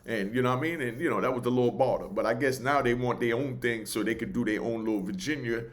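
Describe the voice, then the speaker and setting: Animated storyteller. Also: male voice, mid-range voice, fast. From New York. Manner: animated, loose, keeps asking "you know what I mean". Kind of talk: casual oral storytelling.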